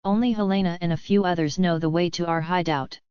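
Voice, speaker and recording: Read by a woman earnest forest maiden, low, very clear voice. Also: steady tone, quick pace, darkish tone, no echo, natural voice. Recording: dull lo-fi audiobook recording.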